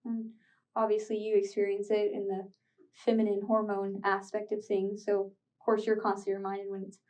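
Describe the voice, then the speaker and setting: A woman questioning a teen in an interrogation room, calm and patient with probing questions. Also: medium pitch, normal speed. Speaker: police interrogator. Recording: distant room mic recording.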